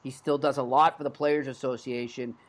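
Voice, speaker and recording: A man with a Boston accent hosts a sports podcast in a loose, casual way. He rambles, restarts his sentences often and fills pauses as he goes. His voice sits at an ordinary middle pitch. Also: little pitch movement. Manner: rambling, with frequent restarts and fillers. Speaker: podcast host. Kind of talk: casual chat.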